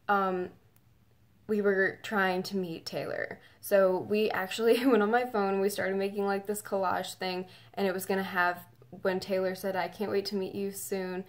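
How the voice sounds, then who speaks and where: A woman's voice: mid-range voice, fairly even intonation, normal speed. A woman telling a personal story in a casual, rambling way with many fillers, close to tears and emotional. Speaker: fan telling her story.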